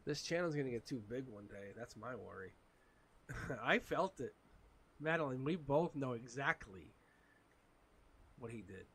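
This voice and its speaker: Raspy guy doing live tarot readings, chatty, laughs a lot, talks to chat. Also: mid-range voice, animated, a little slow, pauses often, a bit bright. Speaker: tarot reader.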